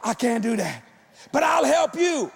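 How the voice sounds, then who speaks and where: A man putting on a fussy wife who whines and refuses. The voice is high and gravelly, and it lifts into shouts. It sounds like a comic story told from a stage. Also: very animated, a little slow, heavily acted. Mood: whiny reluctant. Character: fussy reluctant wife, grown woman.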